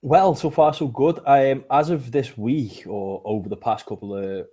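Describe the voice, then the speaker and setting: A man's voice: mid-range voice, normal speed, warm tone. A man with a British accent, co-hosting a casual podcast chat in a rambling, talkative way. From Britain. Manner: rambling, chatty, frequent "um". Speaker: podcast co-host.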